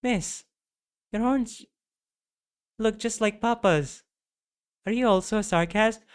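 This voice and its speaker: A man's voice: sits high, slow pace, heavy background noise, voice pushed up. A man doing a curious little girl. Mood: wondering.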